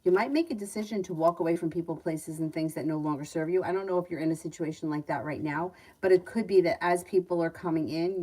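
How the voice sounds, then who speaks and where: A woman's voice: on the low side, quick pace, hardly any pauses, mellow, poor audio. A woman giving tarot readings on a livestream. She reads out viewers' questions and answers them in a chatty way, laughing easily between readings. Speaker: tarot reader.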